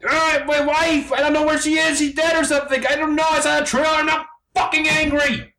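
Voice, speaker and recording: A man doing a comic impression of a furious, profane celebrity actor who yells and rants. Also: very high-pitched, level tone, brisk, creaky, echoey room, slight background noise, pitched above the performer's own voice, full character voice. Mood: screaming. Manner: explosive, profane yelling.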